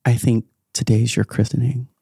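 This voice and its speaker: A man voicing a glowing-eyed male cult leader in a tabletop game, falsely friendly with a calm, sinister edge. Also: mid-range voice, normal speed, gravelly, breathy edge, no echo, studio quality. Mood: coaxing.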